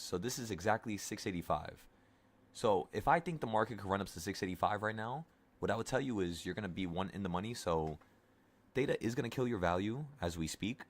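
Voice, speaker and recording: A man in his twenties, casually talking viewers through an options trade and reassuring them in a rambling, coaching way. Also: on the low side. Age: 20s. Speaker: options trading streamer. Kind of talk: casual live trading talk to viewers.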